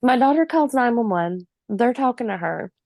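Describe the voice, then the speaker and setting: A woman's voice: on the high side, animated, moderate pace, darkish tone, no room sound. A woman in her forties, a podcast guest, telling her own story in vivid, emphatic detail with occasional laughs.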